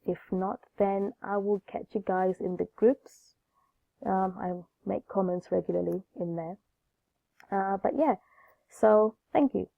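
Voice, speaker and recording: A woman's voice: mid-range voice, measured pace, dry recording. A woman with a cold and a groggy voice, hosting an online business class in a chatty way, restarting her phrases often. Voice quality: gravelly. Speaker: online course host. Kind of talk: webinar teaching. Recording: tinny phone-like line, dry.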